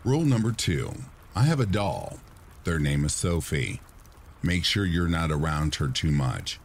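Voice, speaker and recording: A man with a deep voice narrates scripted horror stories meant for listeners drifting off to sleep. His delivery is measured and hushed, yet his intonation swings widely from line to line. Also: sing-song, a little hiss or hum. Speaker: horror story narrator, channel host.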